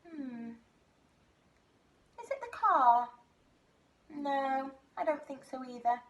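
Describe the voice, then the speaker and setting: A woman teaching a phonics lesson to small children, talking in a slow, exaggerated, sing-song way. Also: high-pitched, animated, highs cut off. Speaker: nursery teacher.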